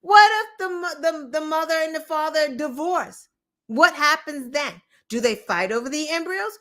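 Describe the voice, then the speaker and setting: A woman's voice: sits high, expressive, normal speed, fairly bright tone. A woman hosting a show, giving opinionated political commentary in an impassioned, profane way, firing off rhetorical questions. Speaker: show host.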